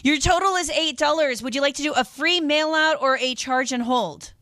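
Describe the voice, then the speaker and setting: A woman's voice: high-pitched, moderate pace, a bit bright, no room sound. A woman hosting a radio shopping show, chatting casually and rambling between calls with lots of fillers, from a studio microphone.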